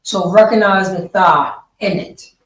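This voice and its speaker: A man's voice: sits high, steady tone, unhurried, fairly bright tone. A man explaining Hebrew words in a loose, repetitive, slangy way during a Sabbath class. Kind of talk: casual Bible class explanation. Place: meeting hall. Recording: roomy echo, speaker far from mic.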